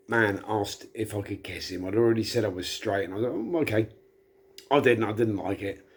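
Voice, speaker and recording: With a fairly low, slightly rough voice, a tipsy middle-aged man vlogs in a casual, rambling monologue. He's chatty and quick to make fun of himself.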